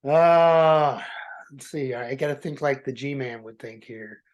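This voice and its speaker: A man's voice: medium pitch, slow, dull audio. A man co-hosting a podcast in casual political chat, often stammering and restarting as he makes his points. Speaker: podcast co-host.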